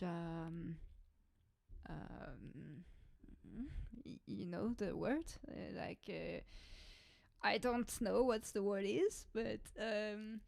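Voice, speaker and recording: A French woman drummer chatting casually with viewers on a live stream in English, pausing often to search for words. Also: lowish voice, creaky, warm tone, no room sound. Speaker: drummer hosting a live lesson.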